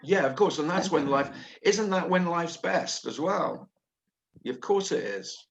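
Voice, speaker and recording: An Englishman with a slightly high voice hosts a casual video call about nonduality, speaking at a measured pace. He's candid and playful, laughing often as he leads the meeting.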